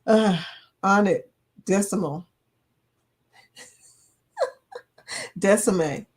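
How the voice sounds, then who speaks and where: A woman's voice: medium pitch, very slow, a little mellow, husky. A woman in her fifties hosting a casual live chat, reading viewer comments aloud, laughing often and playful. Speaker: livestream host.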